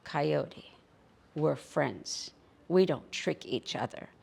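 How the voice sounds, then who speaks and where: A woman telling a story, voicing a calm, wise female roadrunner who speaks patiently and gently firmly. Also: low voice, very slow, creaky, slightly rough, voice pushed down, full character voice. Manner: patient, steady, gently firm. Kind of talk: spoken storytelling.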